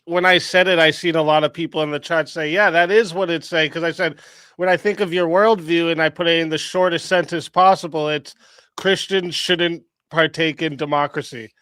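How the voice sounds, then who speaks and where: A man's voice: fairly high pitch, steady tone, moderate pace, fairly bright tone, smooth, dry recording. A man in casual chat who agrees with the other speaker and often chuckles.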